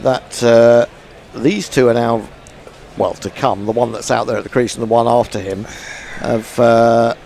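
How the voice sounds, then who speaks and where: A man's voice: mid-range voice, fairly even intonation, unhurried, creaky, darkish tone, a little hiss or hum. A man doing ball-by-ball cricket commentary, chatty with dry humour.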